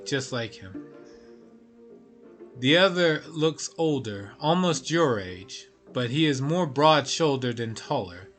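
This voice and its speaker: A man's voice: mid-range voice, fairly bright tone. A man streaming a story game, reading the narration aloud with offhand asides.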